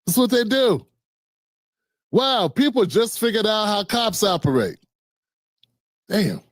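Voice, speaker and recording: A man's voice: sits high, sing-song, takes it slowly, pauses often, no echo. Sarcastic man with a dry sound. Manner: sarcastic, joking storyteller, slangy. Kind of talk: live-stream commentary.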